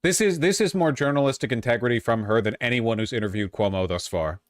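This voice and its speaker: A man's voice: mid-range voice, quick pace, slight background noise. A man giving rambling, sarcastic reaction commentary on a livestream. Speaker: streamer commentator.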